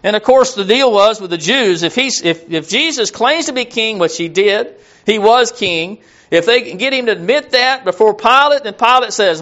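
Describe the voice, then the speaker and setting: A man's voice: high-pitched, expressive, normal speed, fairly bright tone. A man preaching a sermon, rambling, repeating words and losing his place as he reads scripture. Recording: dull lo-fi sound.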